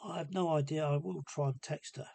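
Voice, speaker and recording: A man talking casually to camera in a hesitant, rambling and subdued way, with a gravelly, husky voice. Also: fairly high pitch, steady tone, fairly quick, warm tone. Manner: hesitant and rambling, many ums. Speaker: vlogger. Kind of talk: casual personal monologue.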